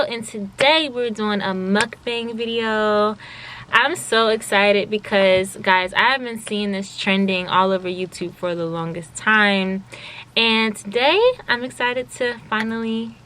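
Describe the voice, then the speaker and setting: A young woman chatting casually as a vlogger, excitable and chatty, with lots of fillers. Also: mid-range voice, unhurried, a little hiss or hum, poor audio. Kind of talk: casual vlog chat. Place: home in Los Angeles.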